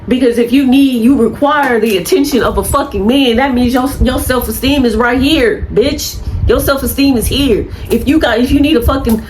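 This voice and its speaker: A woman's voice: high-pitched, normal speed, few pauses, darkish tone, a little hiss or hum, low-quality recording. Heated, profane woman in her fifties. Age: 50s. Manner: blunt, profane, heated lecturing. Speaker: spiritual content creator. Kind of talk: unscripted to-camera rant.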